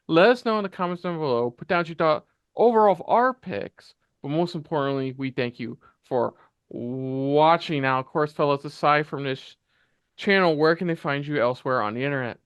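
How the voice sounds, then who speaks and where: A man's voice: on the high side, a bit bright, smooth, no echo. A man hosting a casual panel show, signing off with an upbeat plug for the channel. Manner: upbeat promotional sign-off. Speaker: host.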